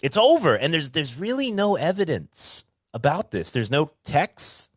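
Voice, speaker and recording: A man's voice: a little high, big pitch swings, a little slow, dry recording, studio quality. A young man co-hosting a podcast over a call, earnest and incredulous, repeating himself for emphasis. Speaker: podcast co-host. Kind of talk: casual podcast chat. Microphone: remote call.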